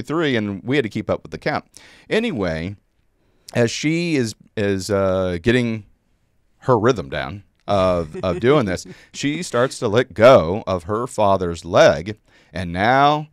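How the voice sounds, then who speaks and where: Man in his 40s, army vet vibe, dry close sound, lots of um and uh, smooth voice. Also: fairly low pitch, no room sound. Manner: halting, many fillers and repeated words. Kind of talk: casual storytelling.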